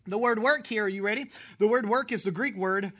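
An American pastor preaches a sermon with animation, joking with his congregation and correcting himself along the way. His voice is high-pitched and he talks fairly quickly.

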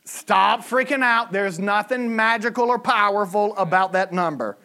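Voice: medium pitch, normal speed, bright, forceful tone. A pastor preaching a humorous sermon to a congregation, acting out quoted voices. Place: church service with a congregation.

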